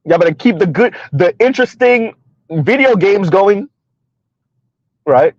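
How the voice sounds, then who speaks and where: Man, thirties, slightly high voice, dry muffled mic, rambling livestream talk. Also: animated, a little slow, dry recording. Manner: rambling, repeats himself, laughs at own jokes. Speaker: livestream commentator. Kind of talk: casual livestream commentary.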